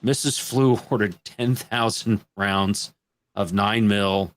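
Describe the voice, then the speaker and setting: A man from Illinois, a podcast guest telling crude, animated stories in a casual panel chat. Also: fairly low pitch, slow pace.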